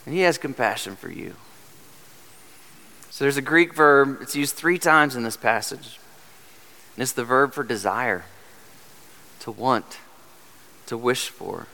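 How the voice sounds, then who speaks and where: A man's voice: mid-range voice, measured pace, creaky, long pauses, pushed and bright. A man preaching a sermon as pastor, earnest and direct, asking the congregation rhetorical questions. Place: church sanctuary. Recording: long hall reverb.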